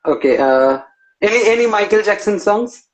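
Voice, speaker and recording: High-voiced man hosting a casual live stream. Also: expressive, moderate pace, low-quality recording. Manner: chatty, informal, with fillers and restarts. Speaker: interview host. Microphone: live video call.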